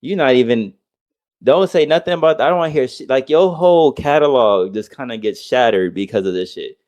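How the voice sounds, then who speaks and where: Ranting heatedly at normal speed, this medium-pitched podcast co-host fills a casual episode with profanity. He swings between loud outbursts and mocking quotations.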